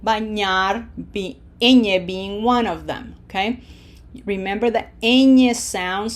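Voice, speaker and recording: A woman with a mid-range, animated voice speaks slowly as she teaches a Spanish lesson from slides. She drills verb forms aloud, stretching her vowels out long.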